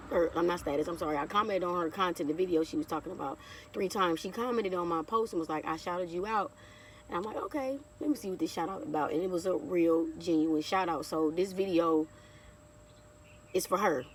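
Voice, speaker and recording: Speaking far from the mic with a little hiss or hum underneath, a woman in her thirties gives a heartfelt testimony in a casual vlog. Her fairly low voice is chatty and warm, and she repeatedly addresses her viewers as y'all.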